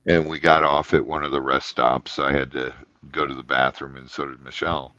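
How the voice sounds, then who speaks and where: Super deep slow guy telling a story on a podcast, muffled dry sound. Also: level tone, bright, forceful tone, no room sound. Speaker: podcast co-host. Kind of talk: casual chat, storytelling.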